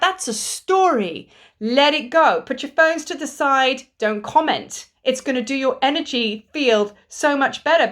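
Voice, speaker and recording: A woman, a spiritual teacher, talking earnestly and rambling a little, with the odd casual swear. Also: sits high. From Britain. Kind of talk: casual spiritual talk to camera.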